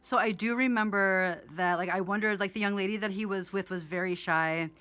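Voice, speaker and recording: A woman's voice: medium pitch, steady tone, brisk, fairly bright tone, clean tone, faint music behind. A woman in her forties telling a rambling story in a casual, profane way, with many fillers.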